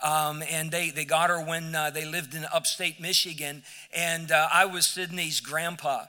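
An older man preaching a sermon as pastor in a church, with emphatic, drawn-out phrases and loud swells. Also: on the high side, little pitch movement, clear, resonant tone, long reverb tail. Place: church sanctuary.

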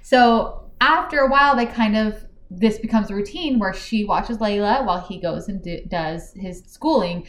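Animated woman retelling a story, echoey room. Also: mid-range voice, normal speed. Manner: animated, acts out dialogue while retelling the plot. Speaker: book podcast co-host. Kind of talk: casual book discussion.

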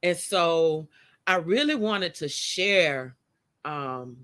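A woman's voice: fairly low pitch, expressive, very slow, fairly bright tone. A woman hosting a casual live stream, chatty and emotional, talking straight to her viewers from outdoors. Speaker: live show host. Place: outdoors by a motion-sensor light in the wind.

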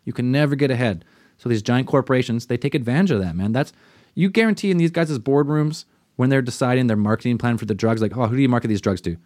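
A man's voice: medium pitch, animated, fast, darkish tone, no room sound, studio quality. A man co-hosting a podcast in casual chat, ranting with lots of swearing and mocking put-on quotes. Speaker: podcast co-host.

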